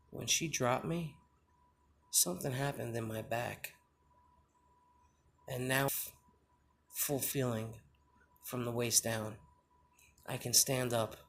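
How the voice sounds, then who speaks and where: A young father telling a personal story in a confessional vlog, emotional and halting, with many pauses and fillers. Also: medium pitch, fairly bright tone, a little hiss or hum. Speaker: father sharing his injury story.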